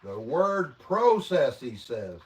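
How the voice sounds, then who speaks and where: A man's voice: medium pitch, sing-song, slow pace. A man from the American Midwest, hosting a casual livestream and reacting to viewer comments with mock-outraged, profane exclamations. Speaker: livestream host. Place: home, indoors. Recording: voice a bit distant from the mic.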